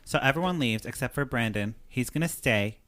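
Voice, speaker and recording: A man's voice: mid-range voice, expressive, a little fast, a bit bright. A man hosting a podcast, casually retelling a movie's plot with lots of "she's like" quoting. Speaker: podcast host. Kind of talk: casual chat, recapping a movie.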